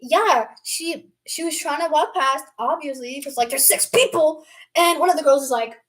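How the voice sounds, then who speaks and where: A young teenage girl casually telling a school story, animated and swearing freely as she acts out what people said. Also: high-pitched, moderate pace. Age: young teen.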